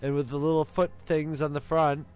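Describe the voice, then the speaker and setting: A man's voice: on the high side, flat delivery, moderate pace, darkish tone, clean tone, faint music behind. A man co-hosting a casual podcast chat, wry and teasing, often repeating words as he goes. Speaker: podcast co-host.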